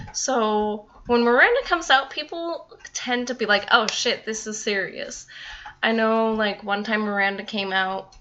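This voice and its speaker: A woman's voice: medium pitch, pushed and bright, lo-fi sound. A young woman talking casually to her viewers, rambling and chatty with frequent laughs. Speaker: vlogger. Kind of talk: casual talk to camera.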